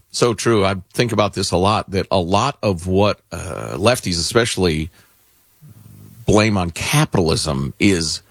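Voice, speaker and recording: A man's voice: low voice, gravelly, husky, no echo. A man hosting a talk radio show, reading listener mail with wry, sarcastic asides. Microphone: studio mic.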